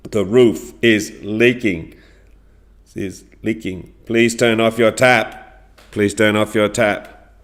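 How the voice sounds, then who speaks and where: A man voicing an angry male neighbor who complains loudly and indignantly. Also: lowish voice, fairly even intonation, slow.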